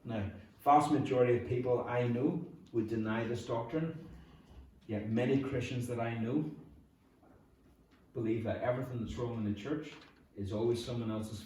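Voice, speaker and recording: A man's voice: medium pitch, steady tone, moderate pace, pauses often, darkish tone. A man with a Northern Irish accent preaching a humorous, conversational sermon as pastor. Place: church hall. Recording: echoey hall from far off.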